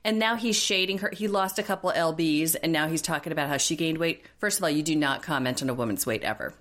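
A woman's voice: low-pitched, quick pace, a bit bright. A woman co-hosting a podcast in casual recap chat, emphatic and opinionated as she rants. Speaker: podcast co-host.

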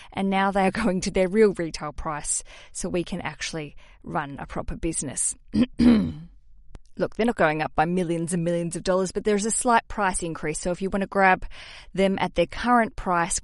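A young adult woman hosting a podcast, chatty and animated with self-deprecating asides. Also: on the low side, normal speed, no echo, clean studio sound. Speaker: podcast host. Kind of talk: casual podcast talk.

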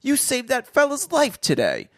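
A man reading aloud gives a stern middle-aged detective father, measured and probing. The voice is gravelly, with lively rises in pitch. It is close and dry, with no room sound. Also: no room sound, full character voice. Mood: approving.

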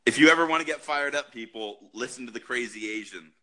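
A man's voice: medium pitch, fast, pushed and bright. A man hosting a casual podcast chat, teasing his guest and laughing often.

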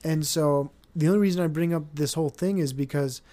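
A man's voice: a little high, fairly quick, mellow. A young adult man hosting a casual solo podcast, rambling and swearing, often mocking other people in put-on voices. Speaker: podcast host.

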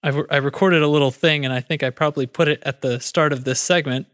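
A man's voice: fairly high pitch, steady tone, quick pace, a bit bright, clear, resonant tone. A man co-hosting a casual podcast, talking in rambling runs with lots of restarts. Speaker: podcast co-host. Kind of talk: casual chat.

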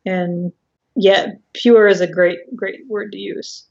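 A woman co-hosting a podcast, chatting loosely about a sitcom episode. She slips into quick acted-out quotes now and then. The sound is a little dull and lo-fi. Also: mid-range voice, steady tone, gravelly, a little mellow. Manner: chatty, laughing, acts out quotes. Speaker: podcast co-host. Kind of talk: casual chat.

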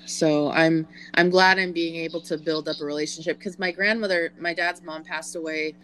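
A woman's voice: sits low, steady tone, normal speed, fairly bright tone, slight background noise, rough recording. A woman co-hosting a podcast, chatting casually and putting questions to the others with lots of fillers. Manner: asks questions with many fillers. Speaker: podcast co-host. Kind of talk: casual chat.

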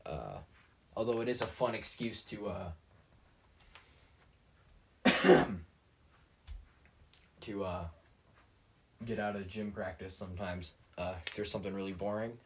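Against a noisy background and through a distant mic, a teenage boy hosting a podcast rambles through a sarcastic, self-mocking solo rant, full of fillers and restarts. His man's voice is fairly low, with a measured pace and frequent pauses.

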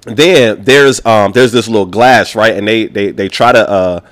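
A man from Baltimore, a podcast guest, telling a story in a slangy, animated way and acting out the voices of the people in it. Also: fairly low pitch, measured pace, dry recording. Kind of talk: casual storytelling.

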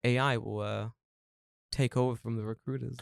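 A man co-hosting a casual podcast, telling animated stories, swearing freely and acting out other people's voices. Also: medium pitch, normal speed, creaky, smooth, no echo, studio quality. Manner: animated storytelling, swears a lot, mimics people. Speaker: podcast co-host.

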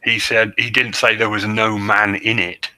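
A man's voice: fairly low pitch, level tone, moderate pace, pushed and bright, low-quality recording. A man co-hosting a podcast, reading the story aloud and needling his co-host with wry patience. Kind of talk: casual banter.

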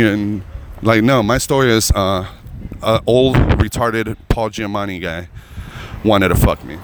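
A man's voice: fairly low pitch, moderate pace, background noise. A man working as a comedian, telling a rambling, profane story straight to his viewers. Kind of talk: casual storytelling to camera.

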